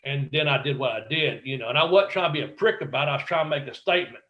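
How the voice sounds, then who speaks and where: A former wrestler telling stories in a casual interview, swearing freely and acting out what other people said. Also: male voice, medium pitch, very fast, lo-fi sound, a little hiss or hum. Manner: profane, animated storyteller acting out quotes. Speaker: guest, former pro wrestler.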